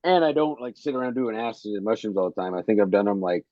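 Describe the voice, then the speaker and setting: A man's voice: on the low side, expressive, fast, no room sound. A male comedian guest talking in a rambling, loose way over a video call, with many "like" fillers. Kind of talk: casual conversational interview. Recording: dry, dull lo-fi video-call audio.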